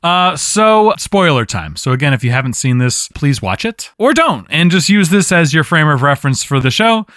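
A man co-hosting a podcast in casual chat, easygoing and quick to laugh. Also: fairly high pitch, sing-song, a bit bright, no room sound, studio quality. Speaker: podcast co-host.

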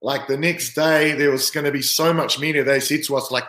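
A man, a rugby player guest telling an animated story in casual chat. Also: on the high side, brisk, hardly any pauses. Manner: lively, animated anecdote-telling. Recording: roomy echo.

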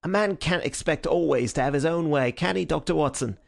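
Man putting on Lestrade, crowing high-pitched inspector. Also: animated, normal speed, vocal fry. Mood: gloating. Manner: crowing, boastful. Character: smug triumphant male police inspector.

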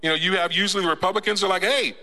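A male pastor preaching to his congregation in a loose, conversational way, tossing in jokes and laughing at his own asides. His voice is bright and forceful. The sanctuary gives him a long, hanging reverb. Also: high-pitched, fairly even intonation, very fast. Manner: conversational and joking, with laughs and repeated restarts. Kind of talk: sermon. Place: church sanctuary. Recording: church hall with long reverb.

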